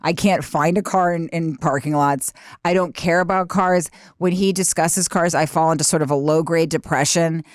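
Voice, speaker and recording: A woman's voice: deep voice, fairly even intonation, moderate pace, few pauses, no echo, studio quality. A middle-aged woman comedian in casual podcast chat, telling self-mocking stories and acting out her husband's lines. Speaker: stand-up comedian guest.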